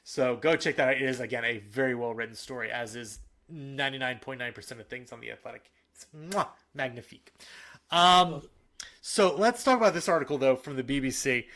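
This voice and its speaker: A man co-hosting a casual sports podcast. He talks in an animated, opinionated way and often restarts his sentences. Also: mid-range voice, a little fast. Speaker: podcast co-host.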